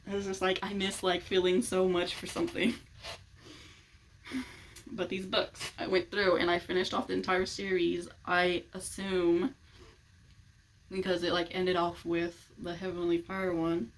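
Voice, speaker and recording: A woman's voice: fairly low pitch, level tone, unhurried, long pauses, a little hiss or hum, rough recording. A young woman in casual chat to the camera, giggling often as she rambles and gushes. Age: young adult. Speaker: vlogger.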